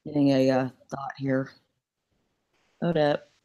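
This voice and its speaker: A woman's voice: very deep voice, flat delivery, slow pace, dark tone. A woman chatting casually on a video call through her computer mic, joking about herself and laughing often. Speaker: co-host. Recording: slightly tinny sound.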